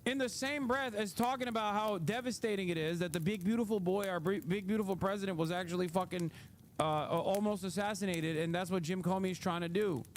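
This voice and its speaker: A man's voice: sits high, brisk, a little hiss or hum. A man hosting a livestream, giving casual commentary in a heated, profane rant, often laughing. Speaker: livestream host.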